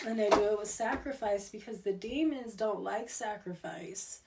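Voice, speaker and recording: A woman's voice: medium pitch, normal speed, very noisy. A woman giving a casual tarot reading, talking in a rambling, digressive way. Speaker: tarot reader. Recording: voice distant from the mic.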